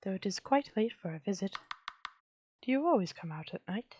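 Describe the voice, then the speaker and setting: A woman voicing a gentle, lonely female witch who speaks in a soft, sweet, coaxing way. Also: medium pitch, expressive, normal speed, a little hiss or hum, close to an everyday voice. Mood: soothing.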